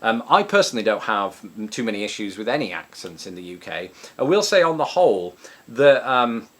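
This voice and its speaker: A man's voice: on the low side, very animated, a little fast, a bit bright. An Englishman with an English accent, chatting casually as a vlogger answering viewer questions, with many ums and restarts. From England. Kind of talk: casual chat. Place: home in Chicago.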